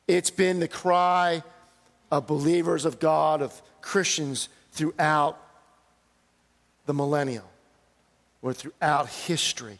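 A man's voice: fairly high pitch, animated, slow, long pauses, long reverb tail. A middle-aged man preaching a sermon as pastor, earnest and building emphasis as he reads out cries from scripture.

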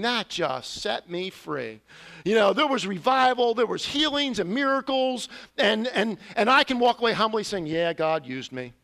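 A man's voice: high voice, sharp tone. A man preaching a sermon, telling a personal confession in an earnest, storytelling way with sudden emphatic rises. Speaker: pastor.

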